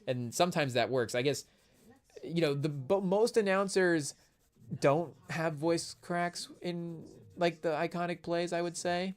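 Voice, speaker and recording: A young man hosting a live sports podcast in a casual, rambling way, often restarting his sentences and joking with his chat. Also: medium pitch. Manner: rambling, self-interrupting, jokey. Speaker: podcast host.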